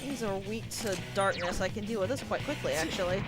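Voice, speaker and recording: A woman's voice: mid-range voice, a little fast. A woman giving casual let's-play commentary, thinking aloud and often saying "like". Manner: thinks aloud, chatty, frequent "like". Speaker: gaming streamer. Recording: game music playing behind.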